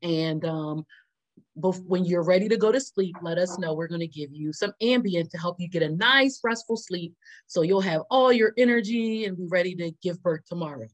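A woman's voice: lowish voice, moderate pace. A woman co-hosting a casual chat, telling a story with lots of laughter and acted-out quotes. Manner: animated, laughs often, acts out quotes. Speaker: co-host.

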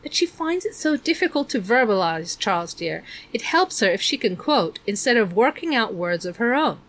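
A woman reading aloud, voicing an ancient, creaky-voiced woman who explains things earnestly and fondly. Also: a little high, sing-song, moderate pace, a bit bright. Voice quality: creaky, like an unoiled hinge.

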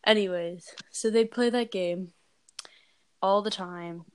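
A woman's voice: medium pitch, slow, clean tone, no room sound. A woman casually telling a scary story, rambling with lots of fillers and valley-girl phrasing.

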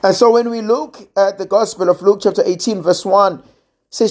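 A preacher giving a sermon in a measured, gently emphatic way, pausing often. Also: medium pitch, fairly even intonation. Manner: slow, measured, with gentle emphasis and long pauses.

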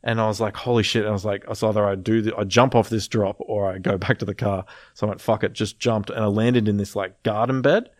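A man telling a wild story in casual chat, animated, swearing freely and laughing as he goes. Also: lowish voice, fast, few pauses, no echo, clean studio sound.

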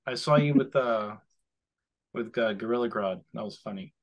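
A man co-hosting a casual podcast, his voice a little husky and breathy. He rambles easily from topic to topic. When he quotes someone he jumps into lively voices. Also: fairly low pitch, moderate pace, dull audio. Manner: rambling, animated when quoting others. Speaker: podcast co-host. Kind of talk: casual chat.

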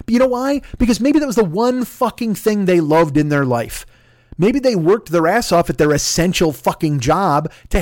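A man from the United States, middle-aged, pitched well above most men. He rants in a heated, sarcastic monologue thick with profanity. The sound is dry, with no room in it. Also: a little mellow, no room sound. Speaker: podcast host. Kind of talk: ranting monologue.

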